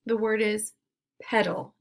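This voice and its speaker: Woman teacher doing phonics drills, real slow and careful, bit of a gravelly voice. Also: mid-range voice, fairly even intonation. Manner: slow, clear, drawn-out word prompts. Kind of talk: phonemic awareness lesson for young children.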